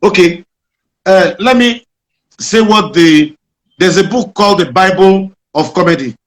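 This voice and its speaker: A Nigerian comedian, interviewed as a guest, explains his craft and tells jokes with a Nigerian accent in an animated storytelling style. His voice is high and his pace measured, though the audio quality is poor.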